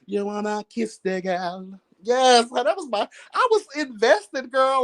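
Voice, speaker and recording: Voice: medium pitch, expressive, takes it slowly. Sassy chatty livestream gossip host. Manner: sassy, chatty, calls listeners girl and honey; breaks into bits of song and laughs. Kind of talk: casual gossip commentary. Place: home, with cats.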